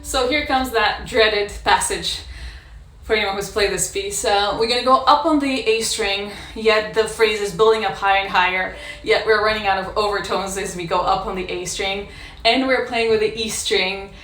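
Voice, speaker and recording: A woman in a casual practice session, explaining how she practices a violin piece in a thoughtful way, pausing often with fillers. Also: mid-range voice, steady tone, a bit bright, soft background music. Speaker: violin teacher. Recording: echoey room with violin playing.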